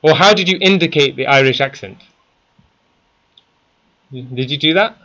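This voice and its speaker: Bright-voiced teacher quizzing a class. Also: male voice, on the high side, moderate pace, muffled recording. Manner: quizzes the class with frequent questions. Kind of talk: interactive classroom lesson. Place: classroom with students.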